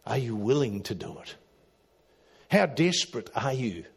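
A middle-aged man preaching a sermon, swinging from loud emphatic calls to quiet, low asides. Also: lively intonation, a little slow, creaky, slightly rough. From Australia. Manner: dramatic, rising to loud emphatic calls then dropping quiet. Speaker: pastor.

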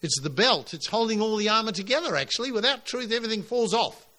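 A man preaching a sermon to his congregation, emphatic and animated, pushing his voice up on key lines. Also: high-pitched, quick pace. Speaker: pastor.

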